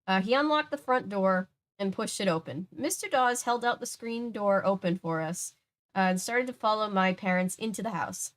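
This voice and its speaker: A woman reading a children's spooky book aloud at a middle pitch. She breaks in now and then with casual, chatty asides. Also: normal speed. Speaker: book reader.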